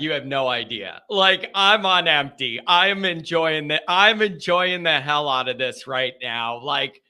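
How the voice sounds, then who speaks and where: A man hosting a live sports reaction show, talking casually with an emphatic, excitable, ranting manner. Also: on the high side, a little slow, few pauses, clean tone. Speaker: sports fan show host.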